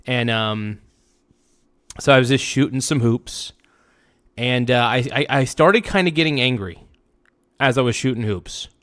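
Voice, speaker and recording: A worked-up man on a live stream, cursing and circling back over the same grievances. His voice sits at an ordinary middle pitch, dropping to low mutters before it jumps into sharp bursts. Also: a little slow, long pauses. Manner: heated, profane, repeats himself, swings between muttering and outbursts. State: upset. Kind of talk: angry live-stream rant.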